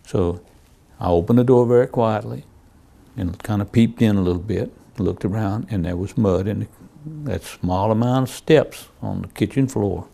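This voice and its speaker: A man's voice: lowish voice, moderate pace, creaky, warm tone. A man, a police officer, recounting cases in a true-crime interview and acting out the dialogue as he tells it. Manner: plain storytelling, acts out quoted dialogue.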